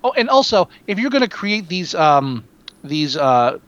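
Sarcastic high-voiced man, lo-fi. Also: a little slow, dry recording. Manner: sarcastic, animated, swears a lot. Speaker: podcast co-host reviewing a film. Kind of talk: casual profane movie chat.

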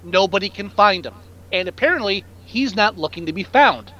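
A high-pitched man with a very lively, swooping delivery chats casually about a movie he is reviewing. He jokes, picks scenes apart and sometimes mimics lines from the film. The recording sounds dull and lo-fi. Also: moderate pace. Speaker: podcast co-host.

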